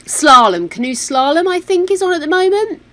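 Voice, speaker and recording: A woman's voice: very high-pitched, expressive, moderate pace, fairly bright tone. A woman, chatting casually while streaming a game at home, playful and full of exclamations. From United Kingdom. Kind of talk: casual gameplay chat. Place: home room with a fan running.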